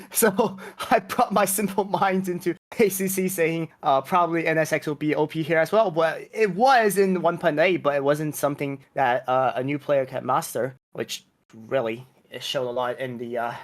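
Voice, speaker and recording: A man's voice: on the high side, normal speed. A man chatting on a casual podcast about racing games, rambling, correcting himself and laughing at his own choices. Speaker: vtuber racing club member.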